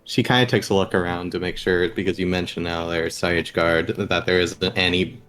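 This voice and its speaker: A man's voice: deep voice, steady tone, normal speed, fairly bright tone. A man casually describing his character's actions as a player in a tabletop game, over faint music.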